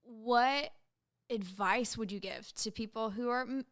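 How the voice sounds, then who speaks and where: A woman's voice: fairly high pitch, unhurried, a bit bright, no echo, studio quality. A young woman hosting a podcast, asking questions and summing up her guest's points in an encouraging way. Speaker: podcast host. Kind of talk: interview questions.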